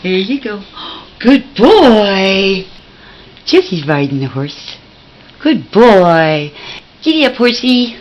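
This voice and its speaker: A woman's voice: medium pitch, very animated, drawn-out words, pauses often, lo-fi sound. A woman filming her pet at home on a handheld camcorder, coaxing and praising it in cooing baby talk. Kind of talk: home video chat with a pet.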